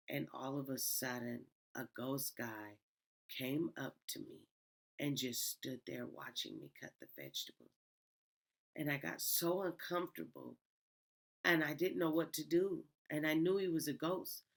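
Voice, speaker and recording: A woman's voice: sits low, fairly bright tone. A woman hosting a channel where she reads Reddit stories, chatting casually and rambling with fillers and laughs. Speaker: host reading Reddit stories. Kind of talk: casual storytelling.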